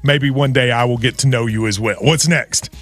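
A man's voice: mid-range voice, steady tone, moderate pace, fairly bright tone, soft background music. A man co-hosting a sports radio show, talking in a joking, casual way and laughing often.

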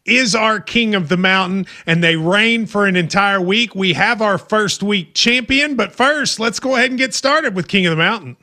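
A sports radio host with a high, bright voice. He keeps things upbeat and brisk as he works through the callers.

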